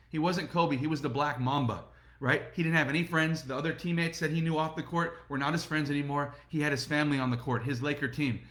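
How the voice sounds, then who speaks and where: A middle-aged man giving an energetic motivational talk to camera and speaking straight to his viewers. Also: on the high side, reverberant. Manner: energetic, repetitive, addresses viewers directly. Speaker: network marketing motivational speaker.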